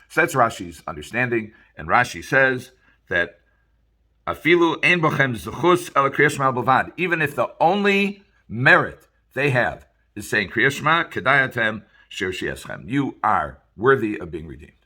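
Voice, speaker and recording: Male rabbi, lowish bright voice, explains scripture in a lecture, reads Hebrew then translates. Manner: explains Hebrew verses and translates them line by line; sometimes chants a phrase in a slow, drawn-out sing-song. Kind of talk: Torah lecture.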